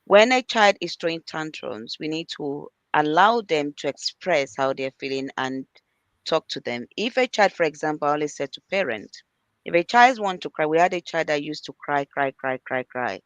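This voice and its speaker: Speaking at a moderate pace in a low, clean voice with lively intonation, a middle-aged early years practitioner gives earnest parenting advice on a panel. The audio is dull but echo-free, and she stresses points by repeating them and role-plays talks with kids.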